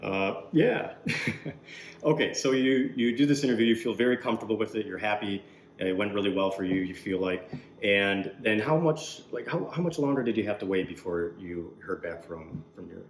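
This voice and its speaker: Low-voiced man hosting an interview. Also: normal speed, reverberant, a little hiss or hum. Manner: relaxed, friendly questioning with frequent laughs. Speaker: host. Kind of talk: casual interview.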